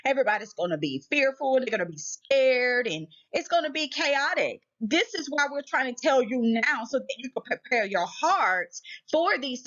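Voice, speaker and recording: Woman from the US, emphatic preachy vlog host, fairly high voice, muffled lo-fi sound. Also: a bit bright. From United States. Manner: emphatic and preachy, repeats rhetorical questions. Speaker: channel host. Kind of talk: casual spiritual warning vlog. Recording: slightly muffled lo-fi audio.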